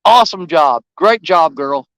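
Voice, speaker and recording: A man's voice: a little high, lively intonation, a little slow, fairly bright tone, no room sound, low-quality recording. A man chatting to live-stream viewers outdoors by a river, folksy and enthusiastic.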